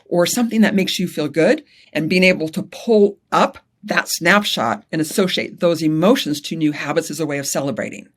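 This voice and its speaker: A middle-aged woman speaking as a guest coach in a casual interview, animated and enthusiastic. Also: sits low, fairly quick, few pauses. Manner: animated, enthusiastic, laughs often.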